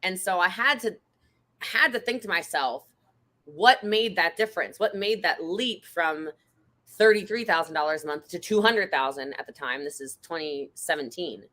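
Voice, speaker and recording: Thirties woman, host, bright, forceful tone, animated storyteller who acts out quotes. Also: normal speed. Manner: animated storyteller, jumps into high-pitched quoted voices. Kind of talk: casual conversation.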